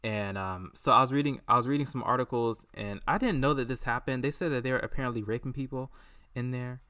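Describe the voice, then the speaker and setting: Man, bright tense voice, casual solo podcast talk, rambling, animated, acts out quotes. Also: medium pitch, fast talker.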